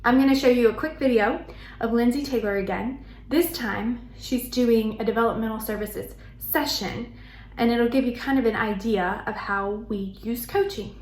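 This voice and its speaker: Woman explaining early intervention stuff, kinda high voice, echoey room. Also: normal speed, a little mellow. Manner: earnest explanatory. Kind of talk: presentation talk. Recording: roomy echo.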